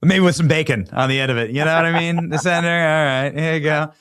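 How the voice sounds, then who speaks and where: A man hosting an interview show, chatty and quick to laugh. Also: on the high side, a bit bright, smooth, no room sound, studio quality. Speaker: show host. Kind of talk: casual interview talk.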